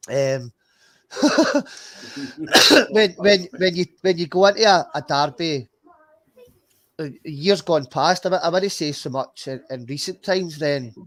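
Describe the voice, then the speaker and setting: A Scottish man on a fan podcast, giving his football opinions bluntly and with swearing. His voice sits a touch high for a man. He repeats words as he builds his point. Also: slow, pauses often. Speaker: podcast host. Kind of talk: casual football chat.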